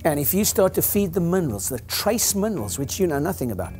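Older man, chiropractor talk, rambling and joking, preacher-like, very lively intonation. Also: fairly high pitch, fast talker, faint music behind. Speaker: chiropractor giving a clinic talk. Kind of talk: informal lecture to an audience.

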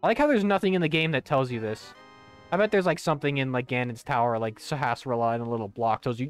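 With faint game music in the background, a young male streamer chats casually as he plays, swearing a lot and filling his rambling with fillers and restarts. His voice sits at medium pitch, quick-paced and clean in tone.

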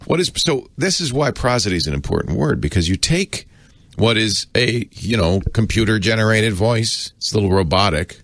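A man's voice: lowish voice, lively intonation, moderate pace, fairly bright tone, dry recording. A middle-aged man, co-hosting a podcast in a chatty, self-correcting way with laughing asides. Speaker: podcast co-host. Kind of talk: casual explaining chat.

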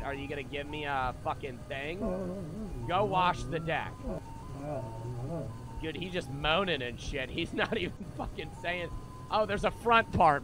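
Casual, swearing young male streamer. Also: a little high. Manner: casual, profane, chatty with viewers. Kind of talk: live gameplay commentary. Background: game music.

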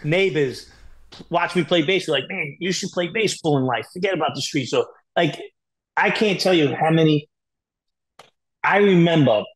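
A rough recording of a man with a mid-range voice. Guesting on a podcast, he tells candid stories in an interview, rapid-fire, blunt, profane and full of filler words.

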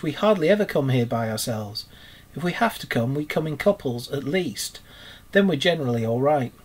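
A man voicing a brave, good-natured male water rat in a storybook read-aloud, with a brisk, reassuring manner. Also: fairly high pitch, darkish tone, slightly rough.

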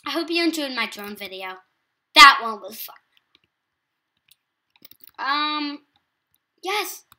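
A woman's voice: sits high, lively intonation, takes it slowly, long pauses, pushed and bright. A teenage girl with an English accent chatting casually while playing a video game, self-deprecating and talkative. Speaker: gaming YouTuber. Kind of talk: casual gameplay commentary.

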